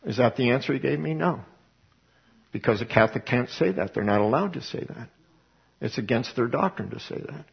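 Husky emphatic man preaching scripture. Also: mid-range voice, lively intonation, fairly quick, highs cut off. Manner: emphatic, asks and answers his own questions. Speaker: Bible teacher. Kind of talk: preaching Bible study.

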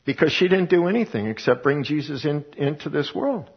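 A man's voice: fairly high pitch, lively intonation, fairly quick, husky, muffled recording. A man teaching the Bible as a sermon, who talks emphatically and asks and answers his own questions. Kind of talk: preaching Bible study.

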